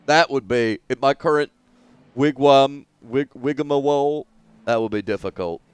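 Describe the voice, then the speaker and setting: A man's voice: medium pitch, normal speed, clean tone, no room sound. A young man streaming a video game, joking crudely and rambling in casual commentary.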